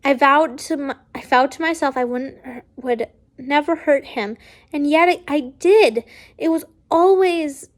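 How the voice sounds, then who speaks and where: A woman's voice: sits high, a little slow. A woman reading fan fiction aloud casually, stumbling and correcting herself often. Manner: stumbling, frequent restarts and self-corrections.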